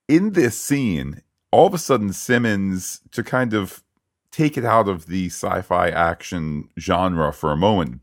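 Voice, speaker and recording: A man co-hosting a podcast, recapping a TV episode in casual, animated chat with frequent restarts and asides. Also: extremely low pitch, no room sound, clean studio sound. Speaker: podcast co-host.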